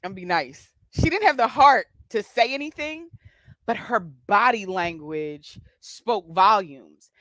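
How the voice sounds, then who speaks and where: Woman, guest on a live stream, storytelling, filler-heavy, animated, dry sound. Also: mid-range voice, slow pace, no echo. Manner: animated, many fillers and restarts. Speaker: guest with a doctorate.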